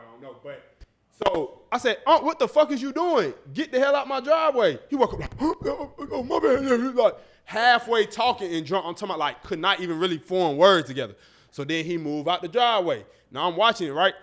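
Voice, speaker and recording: High-voiced man telling an animated story. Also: fast talker. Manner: animated, profane storytelling with acted-out quotes. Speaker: podcast co-host. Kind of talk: casual storytelling.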